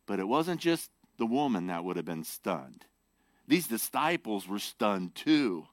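Male pastor, emphatic sermon delivery, lively pitch swings, dry close sound. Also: measured pace, no room sound. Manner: animated, emphatic preaching.

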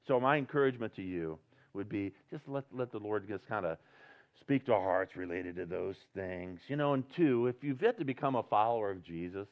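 A pastor preaching a sermon at a church service, talking earnestly and conversationally, then building to loud, passionate emphasis. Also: male voice, medium pitch. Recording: dull lo-fi recording.

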